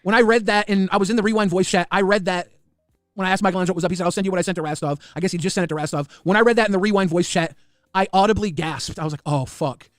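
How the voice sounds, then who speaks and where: A man telling a story in a casual way, fast and full of repeated restarts. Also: high-pitched, steady tone, no echo, clean studio sound. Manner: rapid, repetitive restarts. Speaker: guest recounting drama.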